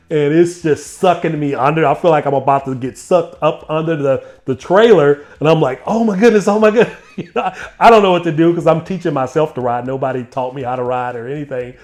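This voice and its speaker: A man hosting an interview, telling a personal story in a lively, laughing way. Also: a little high, brisk, few pauses. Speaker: interview host. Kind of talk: casual storytelling chat.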